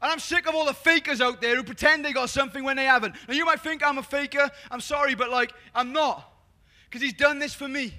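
A man with a Welsh accent preaching a lively evangelistic sermon, joking, swinging from loud calls to soft confiding. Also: extremely high pitch, fast.

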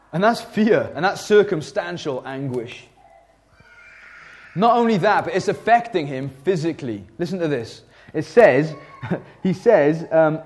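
A man with a high voice delivers a sermon. He reads scripture and then talks it through conversationally, with emphasis and plenty of fillers and restarts. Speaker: preacher.

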